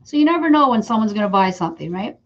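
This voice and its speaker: A woman's voice: medium pitch, expressive, quick pace. A friendly, talkative middle-aged woman from Canada walks viewers through making a wreath on a live stream. She greets commenters by name between steps. The sound is a little dull and lo-fi, like a webcam mic. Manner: chatty, talks to viewers by name while working. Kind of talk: casual live-stream crafting demo.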